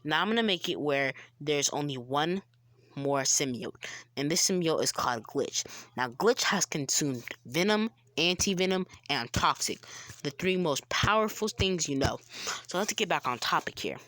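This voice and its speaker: A young fan storyteller rambles through a homemade crossover tale with plenty of fillers and restarts, now and then dropping into a whisper. The voice sits at a middling pitch and is recorded close and dry. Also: animated, moderate pace, fairly bright tone, dry recording. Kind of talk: casual amateur story narration.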